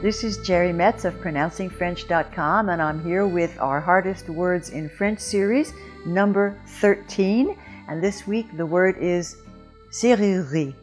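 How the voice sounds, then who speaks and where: A woman teaching French pronunciation in a patient, careful lesson, modeling each word slowly. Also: on the low side, faint music behind. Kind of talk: instructional lesson.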